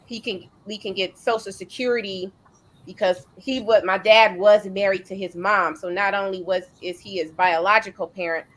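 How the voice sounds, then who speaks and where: A middle-aged woman hosting a casual chat, telling family stories in a relaxed way with fillers and restarts. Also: mid-range voice, normal speed. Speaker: host.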